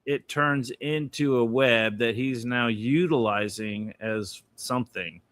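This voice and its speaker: Speaking slowly in a slightly bright, medium-pitched voice, an artist walks stream viewers through his drawings with easygoing explanations and plenty of swearing. There's no room sound, though his art panels hang behind him in the indoor studio.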